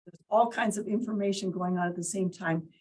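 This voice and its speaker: A woman with a breathy, husky voice, sitting at an everyday pitch, leads a workshop in an indoor meeting room. She teaches interactively, firing questions at the group and acting out different tones of voice to make her point. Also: steady tone, fairly quick, a little mellow, low-quality recording. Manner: quizzes the group, demonstrates tones of voice. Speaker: workshop leader.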